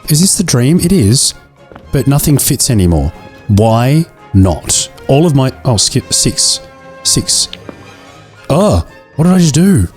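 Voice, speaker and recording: A man's voice: medium pitch, sing-song, takes it slowly, pauses often, a little mellow. A young man giving let's-play commentary, jokey and mock-dramatic about his own failures, with faint game music behind him. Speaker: gaming video creator.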